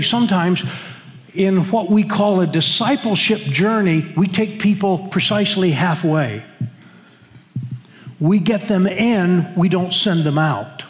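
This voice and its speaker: A man's voice: sits high, big-room sound. A male pastor preaching a sermon emphatically, often restarting his phrases. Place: church sanctuary.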